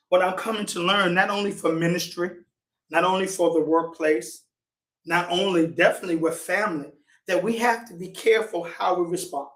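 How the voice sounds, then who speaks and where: High-voiced man teaching in a roomy hall. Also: fairly bright tone. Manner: deliberate, repeats key points for emphasis. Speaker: church teacher. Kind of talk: church teaching lesson. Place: church meeting room. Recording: roomy echo, distant from the mic.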